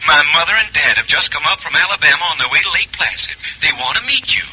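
An actor playing a mild, eager young fiancé in a 1940s radio play, talking in a flustered way. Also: male voice, fairly high pitch, lively intonation, fast talker, bright, forceful tone, husky, exaggerated voice. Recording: dull old radio broadcast.

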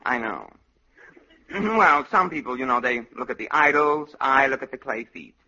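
Smug, blunt muckraker with a husky edge, a man acting, sharp bright tone, old radio comedy. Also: mid-range voice, lively intonation, moderate pace, exaggerated voice. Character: sleazy middle-aged male scandal researcher, smug and blunt. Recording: dull lo-fi old radio recording.

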